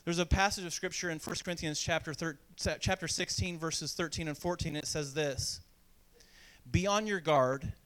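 High, smooth-voiced man preaching a sermon. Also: steady tone, a little fast, hardly any pauses, a bit bright. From Indiana, USA. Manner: self-deprecating storytelling, acting out quoted voices. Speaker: pastor. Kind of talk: sermon with personal story.

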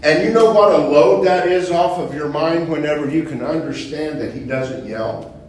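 A man preaching informally to a small group, conversational, repeating phrases and asking rhetorical questions, building to loud emphatic bursts. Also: on the high side, normal speed. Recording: echoey room from far off, faint noise.

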